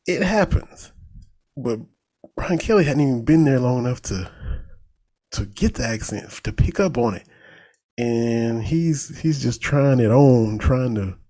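A man's voice: medium pitch, a little slow. A man from Eastern Kentucky with a country accent, giving casual, folksy sports commentary as a talk host. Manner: folksy, animated, laughs at his own jokes.

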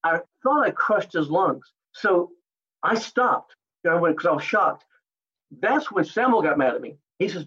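A man, a martial artist and actor, telling animated anecdotes in an interview and acting out other people's lines. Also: high voice, unhurried, breathy edge, dull audio. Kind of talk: storytelling interview.

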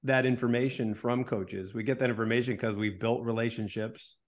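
A man co-hosting a sports talk show, laying out his reasoning in a measured, deliberate way. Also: mid-range voice, fairly even intonation. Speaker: sports broadcaster and podcast co-host.

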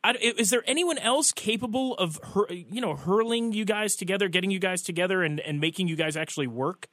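A man with a fairly high voice hosts a radio talk show, eagerly leading his guest with questions. His voice is recorded dry, close to the mic in a booth. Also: brisk, a bit bright, no room sound. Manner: enthusiastic, asks leading questions. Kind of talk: radio interview.

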